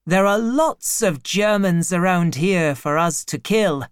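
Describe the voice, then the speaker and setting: A man doing an excitable young servant, high and eager. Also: slow, clean tone, dry recording, studio quality. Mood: excited.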